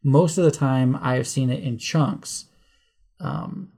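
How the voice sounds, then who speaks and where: A man's voice: medium pitch, fairly even intonation, slow, mellow. A man co-hosting a movie podcast, rambling and catching himself mixing up names. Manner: rambling, trips over names and corrects himself. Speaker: podcast co-host. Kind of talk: casual chat.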